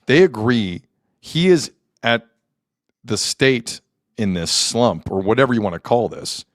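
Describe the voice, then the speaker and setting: A man hosting a sports talk show, chatting animatedly, cutting in often and breaking into shouts of excitement. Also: mid-range voice, measured pace, no room sound, studio quality.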